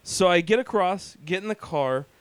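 Lively, high-voiced man. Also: moderate pace, smooth, no room sound. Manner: animated, profane, laughing. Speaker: podcast co-host. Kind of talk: casual chat, storytelling.

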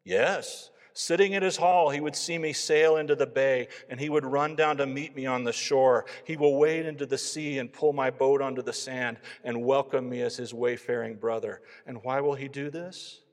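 A man reading aloud as an eager, earnest Viking man who is a new believer, in a loud storytelling voice. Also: medium pitch, fairly even intonation, normal speed, hardly any pauses, voice pushed up, natural voice. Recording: long hall reverb.

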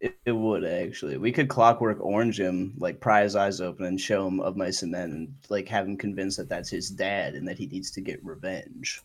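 A man's voice: low-pitched, normal speed, hardly any pauses, slightly rough. A young man co-hosting a casual chat, rambling through stories with plenty of fillers. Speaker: podcast co-host.

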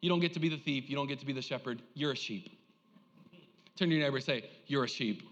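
A male pastor preaching a lively sermon, joking and calling on the congregation to respond. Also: medium pitch, fast talker, in a large hall, highs cut off.

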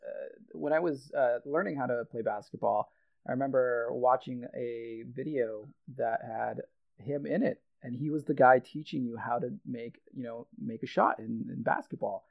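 Gravelly guy on a podcast sharing an old memory, lo-fi muffled audio. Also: mid-range voice, normal speed, no room sound. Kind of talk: casual sports podcast chat. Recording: dull lo-fi audio.

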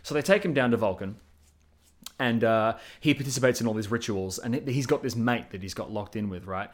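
A man's voice: mid-range voice, brisk. Rambling, profane male storyteller. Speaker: podcast guest. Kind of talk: casual chat.

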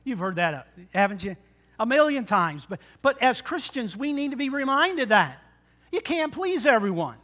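Wysoki, jasny głos pastora. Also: male voice, very high-pitched, sing-song, moderate pace, bright, forceful tone. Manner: conversational, asks the congregation questions. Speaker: preacher. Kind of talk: sermon. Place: church.

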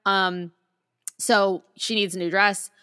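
A woman's voice: medium pitch, steady tone, slow, bright, forceful tone, clean tone. A woman co-hosting a podcast in casual chat, enthusiastic and talking in long run-on thoughts. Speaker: podcast co-host.

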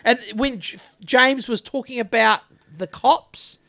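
A man's voice: very high voice, takes it slowly, vocal fry, sharp tone. A man co-hosting a podcast, ranting bluntly and swearing constantly in casual chat. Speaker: podcast co-host.

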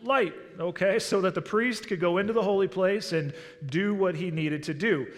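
Preaching pastor in a reverberant church hall. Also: male voice, sits high, normal speed. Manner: rising and falling preaching delivery with questions to the congregation. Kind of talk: sermon. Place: church sanctuary.

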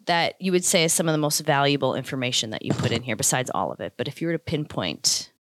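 A woman's voice: very deep voice, animated, quick pace, no room sound, clean studio sound. A woman hosting a podcast interview, chatty, asking questions and agreeing eagerly. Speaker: podcast host.

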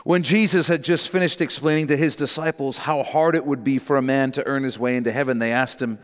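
Man, pastor, sermon, emphatic, repeats key phrases, mid pitch, long church reverb. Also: normal speed. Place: church sanctuary. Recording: long reverb in a large hall.

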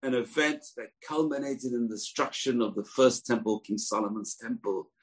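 A man teaching a weekly Torah portion class, telling the story in an animated way, acting out the quotes and often pausing on uh. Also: medium pitch, creaky. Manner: animated storytelling, acts out quotes, frequent uh fillers.

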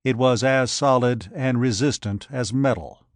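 A man narrating an adventure story in a measured, even reading. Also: mid-range voice, no echo, studio quality. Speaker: audiobook narrator.

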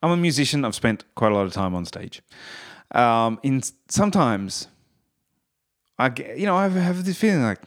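Man with a smooth, resonant voice. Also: mid-range voice, sing-song, normal speed. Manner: enthusiastic, rambling with fillers and restarts. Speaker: musician reviewing a TV series. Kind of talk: casual spoken review.

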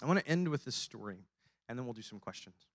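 A man giving a motivational faith talk, preaching and building up to rousing shouts. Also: medium pitch, animated, fast talker, dry recording, studio quality. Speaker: speaker at a faith-based business gathering. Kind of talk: motivational sermon.

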